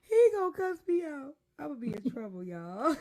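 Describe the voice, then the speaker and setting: Animated woman host, lively pitch. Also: normal speed. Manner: nervous, laughing, slangy and profane. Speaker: podcast host. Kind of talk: casual chat.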